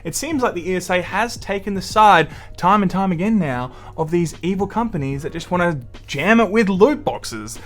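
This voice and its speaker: A man's voice: high-pitched, moderate pace, hardly any pauses, soft background music. A man with an Australian accent hosting a gaming news show, giving blunt, opinionated commentary. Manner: animated, blunt and scornful.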